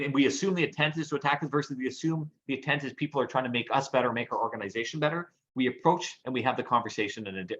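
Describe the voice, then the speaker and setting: A man co-hosting a podcast and telling lively anecdotes in casual chat. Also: fairly high pitch, lo-fi sound. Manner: animated anecdotal storyteller. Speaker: podcast co-host.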